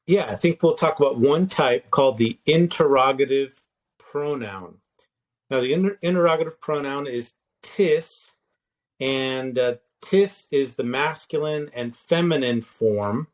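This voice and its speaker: A man of mid pitch walks a listener through Greek grammar in a casual, unhurried lesson. He explains patiently, pausing on fillers and restarting sentences, and spells out each word form slowly.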